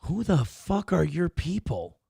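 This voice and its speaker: Sarcastic high-voiced man mocking a clip. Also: big pitch swings, measured pace, vocal fry, background noise. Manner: sarcastic, crude, mocking impressions. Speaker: morning show host. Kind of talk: mocking commentary on a viral clip.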